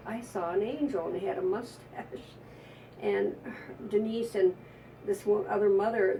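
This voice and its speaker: A woman's voice: mid-range voice, far from the mic, lo-fi sound, a little hiss or hum. A woman psychic telling an emotional, rambling story in a conversational interview, often restarting her sentences.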